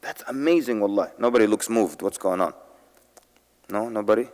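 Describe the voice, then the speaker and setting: A man's voice: on the low side, normal speed. Man lecturing in a big reverberant hall. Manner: lively storytelling, asks the crowd questions. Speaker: convention speaker. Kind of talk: lecture to a live audience. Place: large convention hall.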